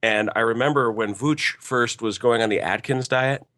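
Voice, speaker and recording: Bright-voiced man telling rambling stories. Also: medium pitch, moderate pace. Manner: rambling storyteller with stammered restarts. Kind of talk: casual chat.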